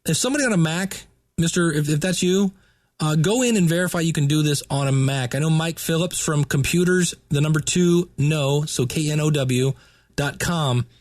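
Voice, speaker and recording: A male podcast host explains setup tips in a chatty, casual way, using filler words. His voice has a fairly high pitch at normal speed, with no echo.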